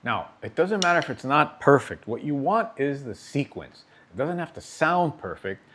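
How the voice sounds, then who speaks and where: During a drum technique demonstration, a man explains patiently and keeps checking with his students by asking "okay?" His voice is slightly high, sing-song and a bit bright at a moderate pace, with slight background noise.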